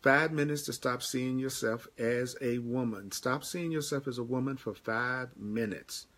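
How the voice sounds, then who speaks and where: A man's voice: mid-range voice, unhurried, a bit bright. A man giving a live-streamed spiritual teaching, emphatic and repetitive, answering viewer comments by name. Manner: repetitive, emphatic, repeats key phrases.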